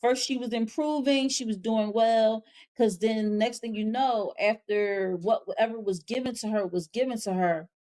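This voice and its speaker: A woman's voice: on the high side, moderate pace, mellow. A woman hosting a casual review of a TV show, recapping scenes in a chatty, slangy way with frank, exasperated asides. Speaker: host.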